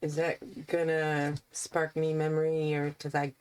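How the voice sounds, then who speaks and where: Woman, tabletop player, low voice, halting, hesitant. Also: completely flat delivery, a little mellow, clean tone. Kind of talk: casual game talk.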